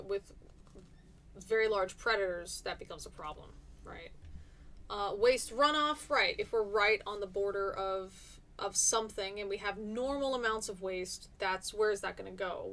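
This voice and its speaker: A woman teaches a class over a live stream, her voice at an ordinary middle pitch and a bit bright. She's chatty and encouraging, responding to student comments as they come in.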